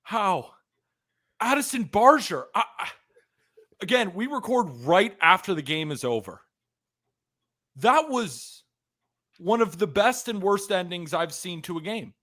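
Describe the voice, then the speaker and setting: Excitable high-voiced male podcast host. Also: unhurried, pauses often. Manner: excitable, rambling. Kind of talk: live post-game reaction talk.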